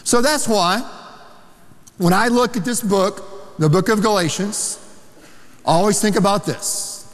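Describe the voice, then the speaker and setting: High-voiced pastor preaching in echoing sanctuary. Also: male voice, measured pace, long pauses. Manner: emphatic, animated preaching with asides to the congregation. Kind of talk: sermon. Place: large church sanctuary. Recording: long hall reverb of a big sanctuary.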